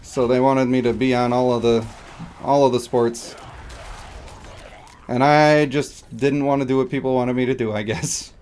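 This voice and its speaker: A man's voice: mid-range voice, steady tone, moderate pace, pauses often, a little mellow, smooth. A man streaming a video game, chatting casually in a rambling, joking, self-deprecating way. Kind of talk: casual live-stream chat over gameplay.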